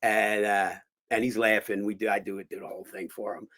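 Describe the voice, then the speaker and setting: Animated male storyteller from Philadelphia. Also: lowish voice, brisk. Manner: animated storyteller, acts out quotes with loud impressions. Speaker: host. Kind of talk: storytelling chat.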